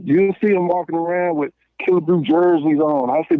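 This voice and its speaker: A Southern man from Memphis with a high-pitched voice, blunt and slangy, spinning animated stories and tripping over his own restarts. He comes through a thin, tinny phone line with a dry sound and no room around him. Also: moderate pace, gravelly, no echo. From Memphis, Tennessee. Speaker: podcast guest. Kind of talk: casual call-in conversation.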